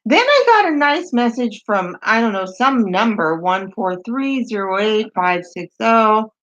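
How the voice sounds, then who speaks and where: A woman with a fairly high voice reads strange messages aloud, deadpan and wry, stopping for asides. The sound is dull and lo-fi. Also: unhurried. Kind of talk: comedic reading of dating-site messages.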